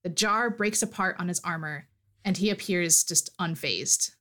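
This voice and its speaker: A woman's voice: on the low side, measured pace, pushed and bright. A woman co-hosting a podcast, animatedly recapping a fantasy story in casual chat. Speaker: podcast co-host.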